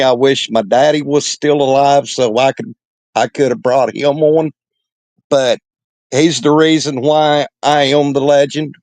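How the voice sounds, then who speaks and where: A man's voice: on the high side, no echo. Heartfelt man on a dry panel mic. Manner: heartfelt, hesitant, many fillers. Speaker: regular panelist. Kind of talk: casual panel chat.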